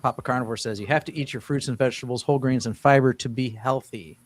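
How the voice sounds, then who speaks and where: A man's voice: mid-range voice, fairly even intonation, fast talker. A man hosting a casual live-stream panel, talking loosely with frequent restarts. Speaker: host of a diet livestream panel.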